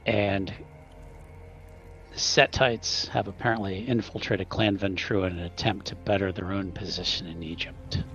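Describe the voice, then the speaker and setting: A man voicing a stern male vampire prince who speaks in a measured, commanding way in a tabletop game. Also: low-pitched, steady tone, a bit bright, soft background music. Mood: judging. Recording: dull lo-fi recording.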